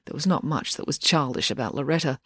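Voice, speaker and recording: A narrator reading a comic novel aloud in an expressive storytelling manner. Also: medium pitch, fast, husky, no room sound, studio quality. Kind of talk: scripted audiobook narration.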